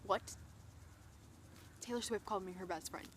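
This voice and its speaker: A young woman vlogging, telling an excited story in a gushing, breathless way, full of "like" and "oh my gosh". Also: medium pitch, moderate pace, a little hiss or hum.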